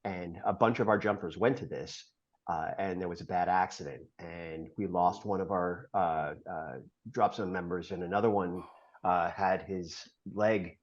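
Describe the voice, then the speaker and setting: A middle-aged man, a podcast guest, telling a long personal story in an earnest, halting way with many fillers. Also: low-pitched. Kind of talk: storytelling interview. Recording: dull lo-fi podcast audio.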